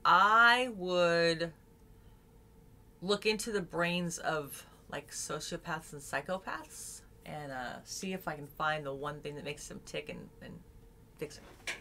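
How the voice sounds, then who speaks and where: A woman's voice: low voice, takes it slowly, creaky, bright, forceful tone, a little hiss or hum. A middle-aged woman hosting a casual live stream, talking earnestly and sometimes searching for words. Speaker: host.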